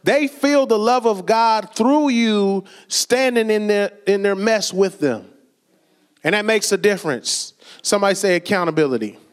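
A pastor preaches a sermon conversationally, telling stories, acting out quotes from people and laughing now and then. His high-pitched voice is clear and resonant, with lively intonation and a moderate pace.

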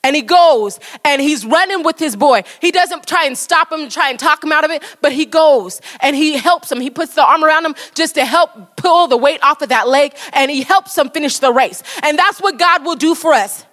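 High-voiced woman preaching fervently. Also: moderate pace, hardly any pauses, fairly bright tone, long reverb tail. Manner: fervent, repetitive exhortation. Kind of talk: sermon.

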